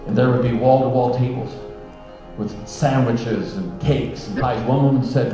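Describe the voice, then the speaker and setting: A man telling a long story as part of a sermon, earnest and dropping to a hush at the most moving points. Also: mid-range voice, steady tone, normal speed. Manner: earnest storyteller, softening to a hush at emotional peaks. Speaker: speaker. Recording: dull echoey hall with music.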